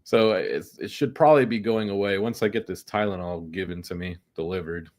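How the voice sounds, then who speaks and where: A low-voiced man commenting casually on a trading stream. He mutters sarcastic jokes and complains about his headache. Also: fairly quick, darkish tone. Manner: sarcastic, joking, mumbling asides. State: suffering a headache.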